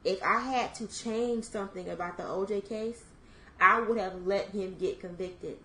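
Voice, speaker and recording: A woman's voice: mid-range voice, normal speed, bright, forceful tone. Young woman in an echoey room. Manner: thoughtful, lots of fillers. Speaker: podcast co-host. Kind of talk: casual chat.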